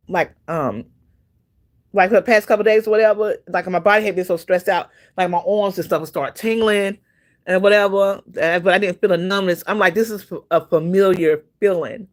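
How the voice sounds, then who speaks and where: A woman chatting on her own livestream, telling a story in a loose, rambling way. She repeats phrases, leans on fillers, and stops to greet viewers by name as they arrive. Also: mid-range voice. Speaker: livestream host. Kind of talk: casual livestream chat.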